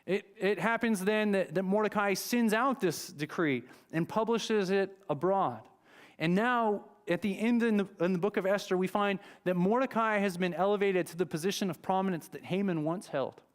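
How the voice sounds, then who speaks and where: High-voiced man preaching a story-driven sermon. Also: normal speed. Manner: conversational storytelling, retelling scripture dramatically. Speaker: pastor. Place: church sanctuary.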